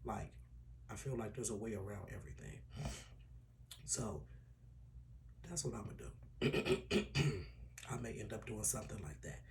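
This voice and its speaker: A man vlogging an update to his viewers in a casual, earnest way, with a tired, hoarse throat. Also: fairly low pitch, animated, unhurried, long pauses, slight background noise. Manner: earnest, personal and emotional, drops to a whisper at times. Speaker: YouTuber.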